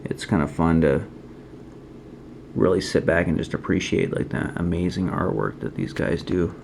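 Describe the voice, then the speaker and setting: A man with a low, gravelly voice walks through his trading card sketches in a relaxed show-and-tell. He rambles and thinks aloud, often pausing to criticize his own work. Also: a little hiss or hum.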